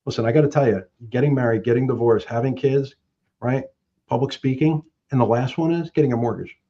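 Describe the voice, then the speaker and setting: Middle-aged male mortgage pro, lively sales-coach delivery on a muffled line. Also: medium pitch, a little fast. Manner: emphatic storyteller, acts out both sides of phone calls. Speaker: guest, mortgage professional. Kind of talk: animated sales coaching talk.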